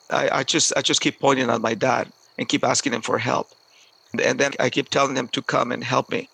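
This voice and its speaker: A man telling a personal story aloud in a halting way, often repeating words and restarting. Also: medium pitch, level tone, vocal fry, bright, forceful tone, breathy edge, low-quality recording.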